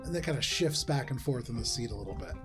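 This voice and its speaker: A man's voice: medium pitch, expressive, quick pace, music in the background. A man narrating a tabletop game as game master, describing scenes casually with plenty of "like" and "uh". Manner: casual, descriptive, with frequent fillers.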